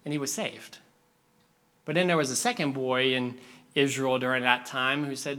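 A young man preaching a sermon in an animated storytelling manner, acting out scenes for his listeners. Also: mid-range voice, moderate pace.

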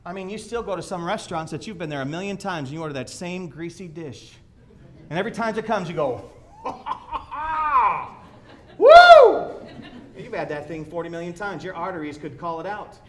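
A man preaches a sermon in a conversational, animated way, his voice sitting fairly high. He repeats words as he builds momentum. The church hall rings with echo over a faint low rumble. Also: quick pace. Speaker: pastor. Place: church sanctuary.

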